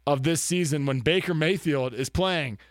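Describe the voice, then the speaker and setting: A man's voice: a little high, normal speed, no room sound, studio quality. A man, co-hosting a casual sports talk show, joking and trash-talking. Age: 30s. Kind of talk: casual chat.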